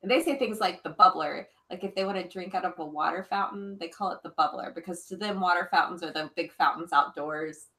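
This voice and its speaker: A woman's voice: on the low side, fairly quick, few pauses, pushed and bright. A woman with a slight Southern accent, chatting playfully as a guest on a casual podcast. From family in Arkansas. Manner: giggly, playful. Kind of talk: casual chat.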